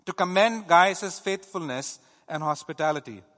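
Bright-voiced preacher in a reverberant hall. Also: male voice, fairly high pitch, moderate pace. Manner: teaching, steady, with frequent "uh" fillers. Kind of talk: sermon.

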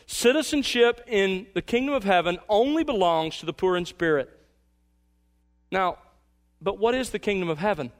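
Emphatic preacher, a man, somewhat high-pitched. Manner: emphatic, measured, slows to stress key words. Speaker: pastor. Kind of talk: expository sermon.

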